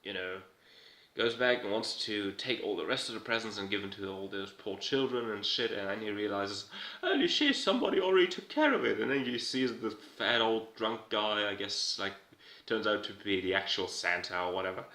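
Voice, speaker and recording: A man's voice: lowish voice, steady tone, normal speed, bright, forceful tone. A man giving a casual, irreverent recap, rambling and swearing as he goes. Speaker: video host recapping a TV episode. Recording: roomy echo.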